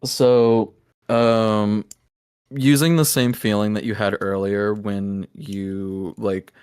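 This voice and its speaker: A man narrating a tabletop game as game master, halting and searching for words with many fillers. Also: on the low side, little pitch movement, a little mellow, clear, resonant tone.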